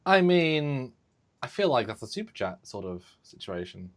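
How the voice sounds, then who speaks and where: A man's voice: medium pitch, very animated, moderate pace, a little hiss or hum. A man in his thirties co-hosting a casual livestream chat, with dry, teasing banter. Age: 30s. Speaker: co-host.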